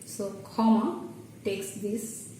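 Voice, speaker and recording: A woman's voice: medium pitch, warm tone, far from the mic, slight background noise. Woman teacher in an echoey room. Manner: patient, explains step by step, halting restarts. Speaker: Bengali language teacher. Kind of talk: explaining at a board. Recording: echoey room, voice from off the mic, faint ambience.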